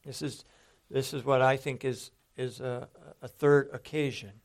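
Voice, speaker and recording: A man's voice: mid-range voice, fairly even intonation, measured pace. A man teaching a Bible sermon, explaining passages step by step and stressing quoted lines with emphatic rises.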